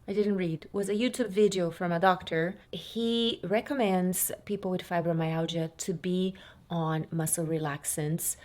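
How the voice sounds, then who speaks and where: A woman's voice: medium pitch, a little mellow. A woman talking casually to her camera in a vlog, rambling a little with fillers and trailing thoughts. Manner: chatty, rambling, with many fillers. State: out of breath. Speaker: vlogger.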